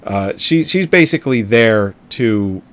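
Co-host, man, deep-ish voice, meandering plot recaps. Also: expressive, measured pace, a bit bright. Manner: rambling, hesitant, many fillers. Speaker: podcast co-host. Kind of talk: casual film discussion.

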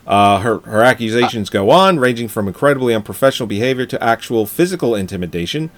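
A man's voice: mid-range voice, lively intonation, fast talker, hardly any pauses, faint music behind. A man co-hosting a casual film chat podcast, joking and swearing, often laughing. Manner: jokey, swears, laughs often, reads article aloud. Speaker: podcast co-host.

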